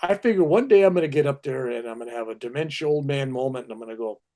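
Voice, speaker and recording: An older man, a spiritual teacher, telling anecdotes in a relaxed conversation and acting out the quotes he tells. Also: medium pitch, quick pace. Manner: animated anecdotes with acted-out quotes. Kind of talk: storytelling in conversation.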